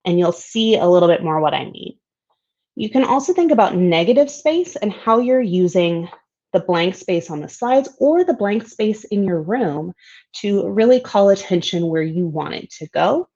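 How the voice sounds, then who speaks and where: A woman's voice: medium pitch, lively intonation, moderate pace, dark tone. A woman walks through design principles in a recorded slide presentation. She sounds upbeat and conversational and leans on each key term. The recording is slightly dull and lo-fi.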